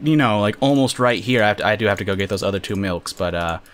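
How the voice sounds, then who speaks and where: A man hosting a casual let's-play, talking excitably and jokingly, often yelping at what happens on screen. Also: on the low side, fast, clear, resonant tone. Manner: excitable, yelps and shouts at the game, jokey. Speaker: gamer host.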